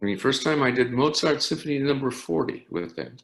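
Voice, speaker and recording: Older man, conductor, animated storytelling, lively pitch, roomy echoing room. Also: fairly quick, vocal fry. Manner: animated anecdote teller with frequent restarts. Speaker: orchestra conductor. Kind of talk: storytelling interview. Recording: roomy echo.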